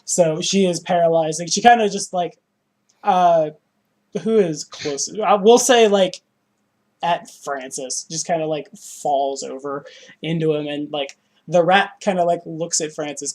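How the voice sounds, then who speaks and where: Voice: medium pitch, unhurried, darkish tone. A game master narrating a tabletop game in a loose, rambling way, full of fillers. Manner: loose, filler-heavy description with frequent laughs.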